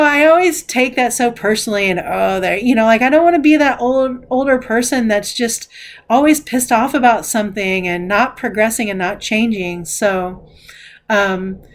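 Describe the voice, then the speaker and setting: A middle-aged woman talks through a tarot reading in a loose, rambling way. She is candid and swears casually, with plenty of fillers. Her voice sits at an ordinary middle pitch. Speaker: tarot reader. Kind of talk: casual spoken tarot reflection.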